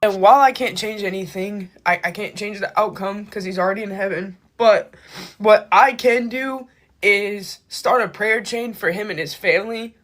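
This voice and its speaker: A woman's voice: mid-range voice, normal speed. A woman in a clip, tearful and earnest, praying aloud for a family. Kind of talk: emotional prayer video.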